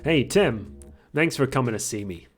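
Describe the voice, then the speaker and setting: A chatty little mouse detective, read aloud by a man in a casual, confiding voice of middle pitch. A little faint music plays under him on a home stream mic. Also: expressive, normal speed, natural voice. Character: small male electric mouse detective, chatty. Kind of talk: reading game dialogue aloud.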